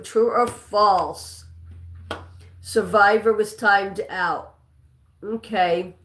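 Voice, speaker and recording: Slow-talking woman hosting live trivia, echoey. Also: mid-range voice, steady tone, fairly bright tone. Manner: chatty, greets viewers, stumbles and restarts while reading. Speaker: live-stream trivia host. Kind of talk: live-stream trivia hosting, reading questions and chat. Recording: echoey room.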